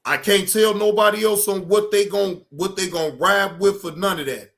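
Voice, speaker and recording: A man's voice: sits high, normal speed, creaky, fairly bright tone. A man on a stream, delivering a blunt, repetitive warning rant. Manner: blunt, warning, repeats himself.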